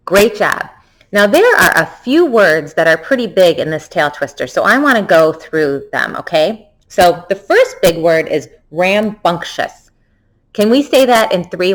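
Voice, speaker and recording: A woman, a children's book author, leading a tongue-twister activity for kids, saying words slowly and clearly for them to repeat. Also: lowish voice, animated, rough recording.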